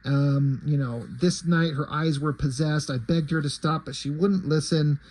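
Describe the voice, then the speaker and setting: A man's voice: a little high, steady tone, measured pace, darkish tone, slight background noise, natural voice. Earnest young vampire woman, read by a man. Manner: urgent, pleading.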